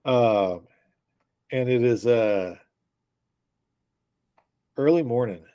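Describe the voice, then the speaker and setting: A man's voice: medium pitch, drawn-out words, warm tone, dull audio. An easygoing, joking man playing a character in a tabletop game. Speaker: player. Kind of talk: tabletop role-play chat.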